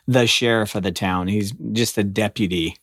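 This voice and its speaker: A man's voice: on the low side, steady tone, normal speed, fairly bright tone, no echo, studio quality. Laid-back man rambling about comics. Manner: rambling, lots of fillers. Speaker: podcast co-host. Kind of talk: casual chat.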